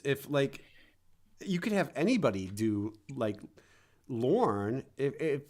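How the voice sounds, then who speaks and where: A man's voice: medium pitch, big pitch swings, takes it slowly, darkish tone. Rambling, laughing male streamer. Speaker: streamer host. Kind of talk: casual stream chat.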